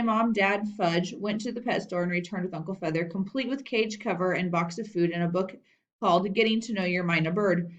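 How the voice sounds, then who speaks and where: A woman reading a children's book aloud in a lively storytelling manner. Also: medium pitch. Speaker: reader. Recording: dull distant lo-fi recording.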